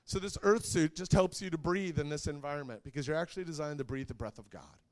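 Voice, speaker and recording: A man's voice: a little high, fast talker. A man preaching a sermon to a live congregation, conversational and joking, asking the audience questions. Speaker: pastor.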